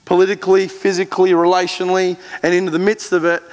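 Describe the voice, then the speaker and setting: A man preaching a sermon, retelling scripture with earnest emphasis and slow, measured readings. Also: high voice, monotone, long reverb tail. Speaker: pastor.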